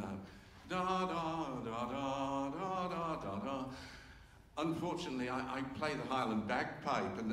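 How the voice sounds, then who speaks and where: A man's voice: medium pitch, a bit bright, slight background noise. An older man, a composer chatting informally to a concert audience about his symphony and humming its themes. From England. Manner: hums and sings themes to illustrate, with self-deprecating humour. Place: large concert hall. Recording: roomy hall reverb, faint ambience.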